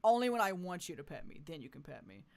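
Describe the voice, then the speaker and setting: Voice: mid-range voice, big pitch swings, fast talker, vocal fry, a little mellow. A streamer voicing a picky, aloof house cat in a haughty, dismissive way.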